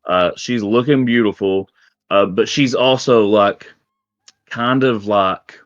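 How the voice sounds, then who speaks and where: A man's voice: fairly low pitch, slow pace, dry recording, highs cut off. A man narrating as game master of a tabletop game in a casual, rambling way, with many ums.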